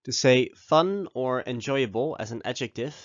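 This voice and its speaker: A man teaching a scripted language lesson, giving phrases slowly and with pauses so learners can repeat after him. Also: medium pitch, expressive, no echo, highs cut off. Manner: slow, deliberate model pronunciation with pauses for repeating.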